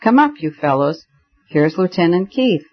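Man voicing a boisterous eccentric gentleman, hearty, hailing, fairly high voice, dull lo-fi sound. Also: sing-song, moderate pace, dry recording.

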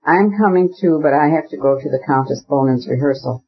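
A husky-voiced man reading an audiobook, voicing a jovial, teasing middle-aged nobleman in a raised, lively voice. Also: on the high side, fairly quick, highs cut off, lightly acted.

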